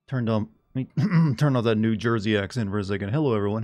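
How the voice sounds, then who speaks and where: A man's voice: lowish voice, a little fast, darkish tone. A man streaming and chatting casually with his viewers, rambling and joking, now and then putting on silly voices. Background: faint music and air conditioning hum.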